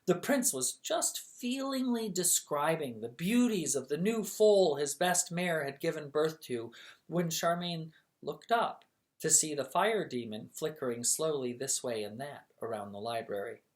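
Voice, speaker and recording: A storyteller reading a chapter book aloud in a measured, expressive bedtime style. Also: mid-range voice.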